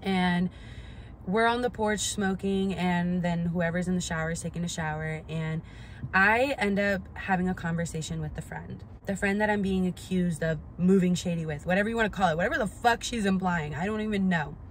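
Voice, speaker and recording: A woman's voice: fairly low pitch, moderate pace, slight background noise. A young woman vlogger telling a storytime in casual, profane speech, full of "like". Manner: profane, animated, lots of "like".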